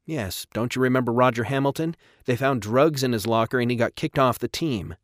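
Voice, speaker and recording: A man's voice: medium pitch, brisk, dry recording, studio quality, pitched above the performer's own voice, close to an everyday voice. A man voicing a concerned middle-aged mother in an audiobook, in a plain, lightly acted reading.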